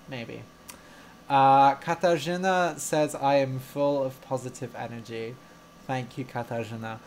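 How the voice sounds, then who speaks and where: Casting: young male teacher, unhurried and chatty, affectionate and jokey on a live stream. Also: medium pitch, a little mellow, slight background noise. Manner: chatty, gushing and playful, laughs easily. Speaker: English teacher and podcast host. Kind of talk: casual live-stream chat with learners.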